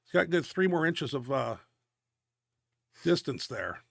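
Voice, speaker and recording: Gravelly, winded lifting show host. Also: male voice, a little high, very animated, unhurried, no echo, studio quality. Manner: blunt, profane gym talk. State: winded and out of breath. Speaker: host of a powerlifting video show. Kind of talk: casual commentary over lifting videos.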